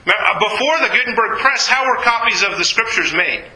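A man's voice: sits high, lively intonation, a little fast, sharp tone, reverberant, poor audio. A man teaching an informal Bible study to a class, asking questions and then answering them himself.

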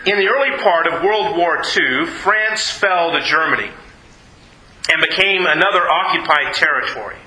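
A man preaching a sermon, emphatic, repeating words and dropping low and slow on key phrases. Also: bright, forceful tone, echoey room, poor audio.

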